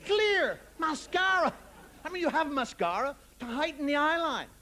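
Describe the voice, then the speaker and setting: Wry Irish comedian, lively pitch. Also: male voice, brisk. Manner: wry, musing, conversational, casual swearing. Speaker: stand-up comedian. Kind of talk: stand-up routine. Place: television studio with live audience. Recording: broadcast audio with audience laughter and noise. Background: audience laughter.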